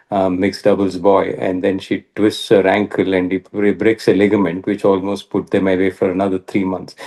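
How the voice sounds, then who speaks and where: A middle-aged Indian man, a badminton coach, answering interview questions in a measured way with frequent "uh" pauses. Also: on the low side, mellow. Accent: Indian English. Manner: measured, many pauses and "uh" fillers.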